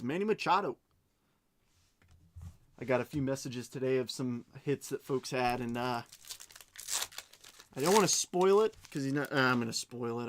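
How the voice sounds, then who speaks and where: A man hosting a live card-opening stream in a relaxed, unhurried way. He chats casually, reads out names one after another, and drops playful, self-mocking jokes between cards. His voice sits in an ordinary middle pitch for a man. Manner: chatty and unhurried, reading out names as he goes. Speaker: card break host.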